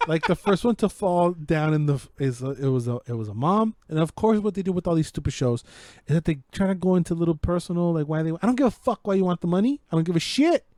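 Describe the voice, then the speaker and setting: Mellow, dry-voiced man swearing excitably. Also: a little high, fast talker, no echo. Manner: profane, excitable storytelling. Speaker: podcast co-host. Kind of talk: casual chat. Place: home podcast setup.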